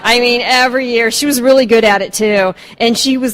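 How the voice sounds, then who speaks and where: A woman's voice: a little high, brisk, few pauses, fairly bright tone. A woman in her fifties from Southern California tells her life story at a recovery meeting, hesitant and full of ums, with wry humor. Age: 50s. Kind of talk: personal storytelling talk.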